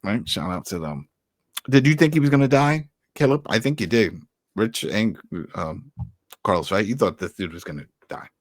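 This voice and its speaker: Brooklyn man, low and very lively, animated podcast co-host, dry close sound. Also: moderate pace, no room sound. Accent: New York (Brooklyn). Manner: animated, acts out quotes in shifted voices. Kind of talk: casual podcast chat.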